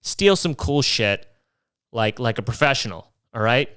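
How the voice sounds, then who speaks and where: A man's voice: medium pitch, normal speed, sharp tone, smooth, no room sound, studio quality. A young man telling a rambling, profane comic monologue as host, ranting with mock indignation. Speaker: comedy podcast host.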